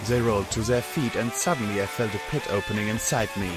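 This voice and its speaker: A man narrating an audiobook in a low voice, slow and measured. Music plays clearly underneath him. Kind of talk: scripted narration. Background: background music.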